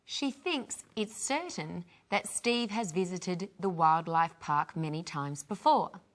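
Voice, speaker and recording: A woman teaching English phrases, clearly modelling each one for learners to repeat. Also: lowish voice, animated, slow pace. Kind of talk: slow teaching with repeat-after-me drills.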